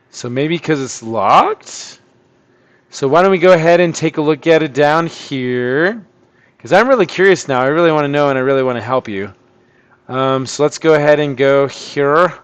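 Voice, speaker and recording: A man teaching an online math lesson, working through problems out loud in a chatty way and breaking into surprised exclamations. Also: on the high side, expressive, normal speed, clean tone. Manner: thinking aloud, chatty, with sudden surprised outbursts.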